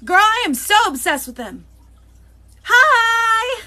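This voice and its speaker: A woman hosting a live unboxing, chatting excitedly and greeting viewers by name. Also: high-pitched, measured pace. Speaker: live-stream host.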